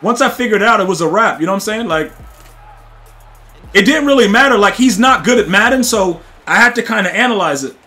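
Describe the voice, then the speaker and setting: Streamer man, high and sharp-edged, excitable trash talk to chat, prone to shouting. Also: fairly quick, soft background music. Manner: excitable, trash-talking, repeats "dude" and "bro"; bursts into loud shouting. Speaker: gaming streamer. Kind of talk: live gameplay commentary to chat.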